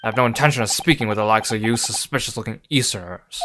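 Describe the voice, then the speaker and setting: A man doing a loud, blustering prison governor. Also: fairly low pitch, fast talker, noisy background, close to an everyday voice. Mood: gruff hostile. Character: gruff hostile middle-aged male prison governor. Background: game music.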